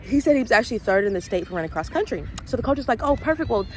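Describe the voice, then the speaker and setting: A young woman who hosts a faith vlog gives an easygoing recap of a movie, chatting like a storyteller and acting out the quoted dialogue. Her voice is fairly high, expressive and racing, with light traffic hum in the background.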